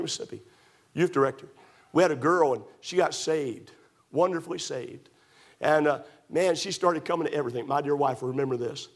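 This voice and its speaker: A man preaching a sermon, building with emphatic rhetorical questions and storytelling. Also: fairly high pitch. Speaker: pastor.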